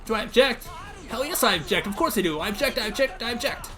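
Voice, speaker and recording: A man's voice: very high-pitched, animated, fast, music in the background, voice pushed up. A man voicing a hotheaded, defiant young male murder suspect in a video game, reading the lines with crude indignation. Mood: indignant.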